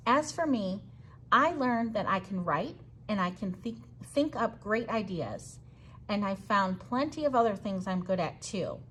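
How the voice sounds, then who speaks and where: A woman reading a children's picture book aloud in a gentle, earnest storytelling manner. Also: mid-range voice, expressive, a little slow, slight background noise. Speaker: storybook reader.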